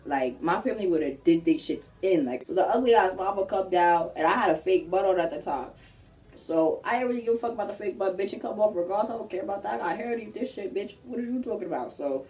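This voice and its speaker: A young woman telling a personal story in a casual vlog, animated and slangy, acting out what people said. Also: mid-range voice, recorded from a distance. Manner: animated, slangy, acts out quotes.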